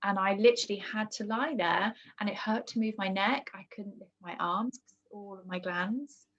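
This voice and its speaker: A young woman telling a painful personal story in conversation, halting and emotional with many restarts. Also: medium pitch, a bit bright. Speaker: guest. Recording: dull lo-fi podcast audio.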